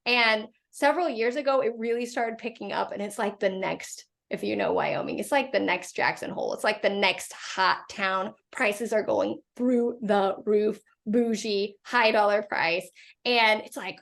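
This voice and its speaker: A woman's voice: medium pitch, a little slow, vocal fry. A woman giving a faith-based motivational talk to women, telling a story and acting out the voices in it. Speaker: host.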